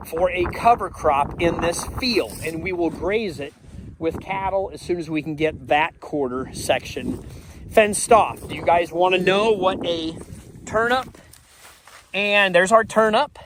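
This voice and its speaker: High-voiced chatty farmer man outdoors. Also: background noise. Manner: chatty, explains as he goes, drifts off topic. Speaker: farmer vlogger. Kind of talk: casual outdoor farm vlog. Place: outdoors in farm fields.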